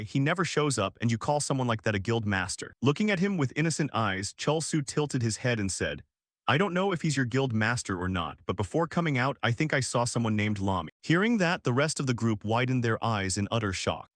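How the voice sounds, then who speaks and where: A man's voice: mid-range voice, fairly bright tone, no echo, clean studio sound. A man narrating a comic story recap in a scripted read, voicing every character's lines himself.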